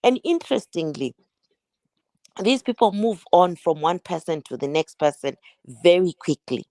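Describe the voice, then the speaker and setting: Low-voiced British woman giving advice. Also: sing-song, mellow, dry recording. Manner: earnest, measured advice. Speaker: guest speaker. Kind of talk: advice on a call-in.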